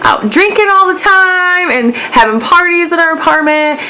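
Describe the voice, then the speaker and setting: A woman's voice: extremely high pitch, animated, moderate pace, sharp tone, a little hiss or hum, poor audio. A young woman vlogger chatting casually and animatedly, full of "like" and "um" and casual swearing. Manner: swears casually while telling stories. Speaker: beauty vlogger. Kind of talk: casual chat.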